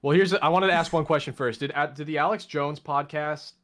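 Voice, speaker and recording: A man's voice: fairly high pitch, a little fast, fairly bright tone. A man from the northeastern United States with a northeastern American accent, co-hosting a podcast over a video call in a laid-back, self-deprecating way. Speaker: podcast co-host. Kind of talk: casual podcast banter.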